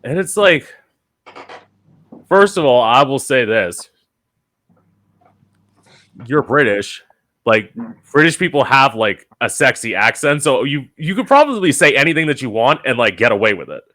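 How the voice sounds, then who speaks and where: A man's voice: mid-range voice, measured pace, pauses often. A man hosting a casual podcast, telling frank stories and acting out quoted lines. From United States. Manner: animated storyteller, acts out quotes, frank. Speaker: podcast host. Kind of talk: casual chat.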